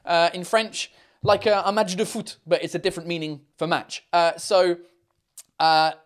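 A man's voice: sits high, little pitch movement, moderate pace, dry recording, clean studio sound. Rambling, cheeky man hosting. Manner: rambling, cheeky, swears freely, slips into French. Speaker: comedian podcast host. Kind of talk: casual live-stream chat.

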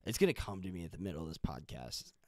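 A man's voice: low voice, very animated, quick pace, no room sound, studio quality. A young man hosting a podcast, chatting casually and rambling with lots of fillers and restarts. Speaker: podcast host. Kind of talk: casual chat.

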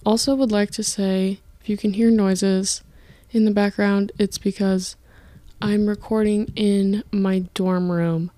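A young woman in college talks through her solo podcast from her dorm room. She speaks slowly and keeps wandering off track, stopping mid-sentence to fix herself. Her voice sits at an ordinary middle pitch on a dry, close mic. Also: little pitch movement, warm tone, no room sound. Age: young adult. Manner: rambling, self-interrupting, chatty. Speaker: podcast host. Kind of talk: casual solo podcast chat. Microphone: podcast mic, filmed for video.

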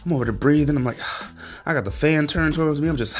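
A man hosting a solo podcast, ranting in a heated, profane, rambling way. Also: on the high side. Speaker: podcast host.

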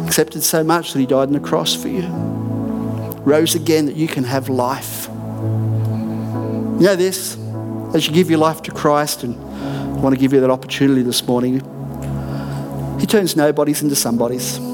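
A man's voice: fairly high pitch, steady tone, moderate pace, long pauses, over music. A middle-aged man, a senior pastor, preaching a sermon in an earnest, emphatic way with repeated declarations in a church. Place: church auditorium.

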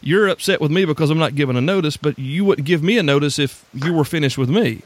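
A man hosting a podcast, telling a story in relaxed, reflective talk. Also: a little high, quick pace, dry recording. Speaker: podcast host. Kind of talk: casual conversation.

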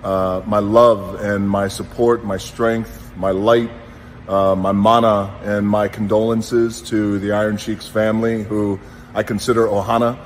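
Man, earnest tribute, unhurried with pauses, fairly low voice, long reverb. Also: level tone, a little hiss or hum. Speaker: wrestler giving a tribute. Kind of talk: heartfelt spoken tribute.

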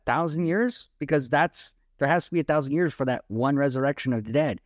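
A man co-hosting a Bible-teaching podcast, animated and firing off rhetorical questions. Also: a little high, brisk, no room sound, studio quality. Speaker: podcast co-host.

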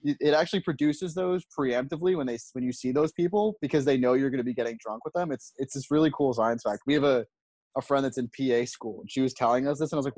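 A man's voice: medium pitch, quick pace, darkish tone, no echo. A man in his twenties co-hosting a podcast, chatting casually, joking and rambling with frequent laughs. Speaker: podcast co-host. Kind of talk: casual chat.

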